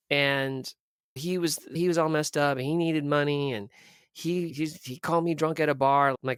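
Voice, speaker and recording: A man's voice: on the high side, fairly quick, clean tone, no echo, clean studio sound. A man from Southern California, a podcast guest, telling a personal story candidly and bluntly, with plenty of profanity and acted-out dialogue. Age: 30s. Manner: blunt, profane, animated storyteller who acts out quoted dialogue.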